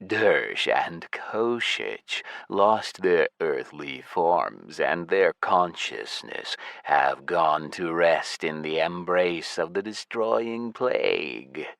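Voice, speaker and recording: A man voicing a cold, emotionless male lich who speaks slowly and states everything as plain fact. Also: sits low, vocal fry, no echo, clean studio sound, full character voice. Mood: cold flat. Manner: slow, flat, stating facts.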